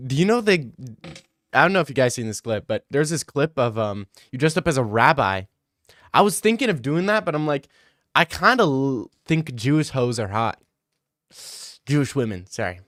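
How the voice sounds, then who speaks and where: A man's voice: medium pitch, a bit bright, no room sound, studio quality. Crude young man riffing on stream. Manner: crude, joking, rambling with slang. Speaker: streamer answering chat questions. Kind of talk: casual livestream Q&A.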